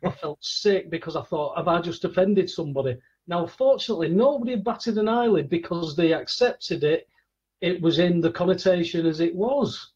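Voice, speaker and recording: A man's voice: sits high, moderate pace, darkish tone, husky, dull audio. A man hosting a podcast, telling long rambling anecdotes in casual chat and acting out the voices of the people in them. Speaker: podcast host.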